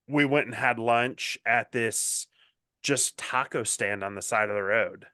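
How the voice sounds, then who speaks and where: A man co-hosting a podcast, telling stories in a relaxed, self-mocking way. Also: mid-range voice, unhurried, dry recording, studio quality. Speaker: podcast co-host. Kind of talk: casual chat.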